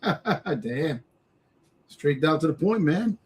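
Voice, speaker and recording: Husky man reading aloud, laughing. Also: a little high, animated, slow pace. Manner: laughs often, swears freely. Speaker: podcast co-host. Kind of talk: casual chat, reading ads aloud.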